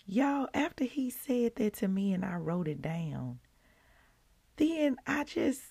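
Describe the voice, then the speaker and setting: A woman hosting a devotional podcast, earnest and emotional, her voice breaking into excited peaks as she shares her morning. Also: medium pitch, takes it slowly, gravelly, husky. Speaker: podcast host.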